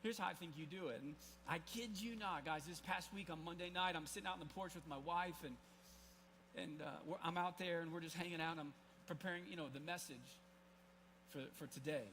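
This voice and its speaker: A male pastor in his forties speaks to his congregation on a stage mic, his voice bright and a touch higher than most men's. He tells a personal story in a relaxed, chatty way, restarting phrases and throwing in asides to the room. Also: brisk, a little hiss or hum. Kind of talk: storytelling sermon. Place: church service, live before a congregation.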